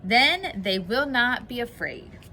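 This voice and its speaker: A woman voicing an excitable, worried little male toad, exclaiming loudly in a storybook read-aloud. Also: on the high side, slow pace, slight background noise, voice pushed up, full character voice. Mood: excited. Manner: loud, raised, exclaiming.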